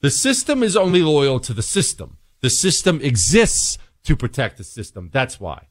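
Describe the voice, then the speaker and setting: Talk radio host, male, drawl, lively exasperated delivery, dry close mic. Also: mid-range voice, normal speed, no echo. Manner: animated, exasperated, joking. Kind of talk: political talk radio monologue.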